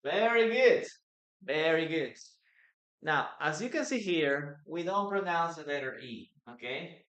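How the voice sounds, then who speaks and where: A man teaching a live online English class, slowly repeating words and sentences so students can practice pronunciation. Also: fairly high pitch, animated, a bit bright. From Peru. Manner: slow, patient, repeats words for pronunciation drills.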